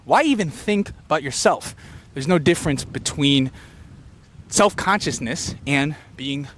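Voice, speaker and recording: A man doing an unfiltered stream-of-consciousness comedy monologue, rambling and fast-talking with quick tangents. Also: on the high side, animated, a bit bright, slight background noise. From Filipino heritage. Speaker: comedian podcaster. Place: beach location outdoors.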